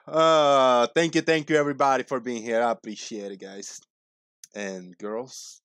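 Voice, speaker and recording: Man, livestream host, casual chat, unhurried talk, dry close sound. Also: medium pitch, fairly even intonation, a bit bright, clear, resonant tone, no echo. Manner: upbeat, greets viewers by name.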